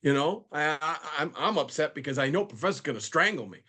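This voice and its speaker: A man joining a video call as a guest, telling a funny story casually. He acts out the people he quotes with lively shifts. His voice sits slightly high. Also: quick pace, husky.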